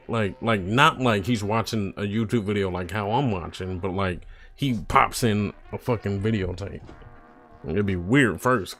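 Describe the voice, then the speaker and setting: A man streaming and reacting to videos in a casual, profane, rambling way. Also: low-pitched.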